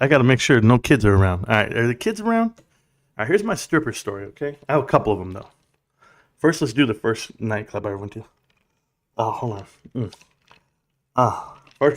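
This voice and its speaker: A man's voice: mid-range voice, fairly bright tone. A young man hosting a casual livestream, joking crudely, laughing often and calling people bro. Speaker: livestream host.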